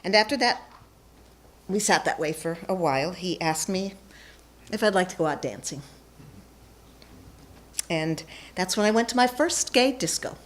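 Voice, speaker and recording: A woman's voice: lowish voice, lively intonation, moderate pace, pauses often. A woman telling a personal story onstage before a live audience, playful and self-mocking.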